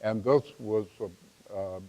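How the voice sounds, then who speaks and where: A man on a forum panel, recalling events slowly and deliberately, with pauses. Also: fairly low pitch, a little mellow, low-quality recording. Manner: slow, deliberate, halting with pauses.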